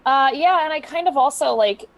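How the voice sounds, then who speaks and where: A woman's voice: high-pitched, lively intonation, moderate pace, lo-fi sound. A young woman, a guest dungeon master, in casual chat, bubbly and giggly with lots of fillers.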